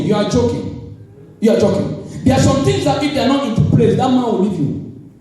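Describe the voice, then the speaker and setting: African male pastor, high lively voice, mellow tone, heard from a distance in a very echoey church. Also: moderate pace, long pauses. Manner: animated, calls on the congregation to respond. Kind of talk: sermon.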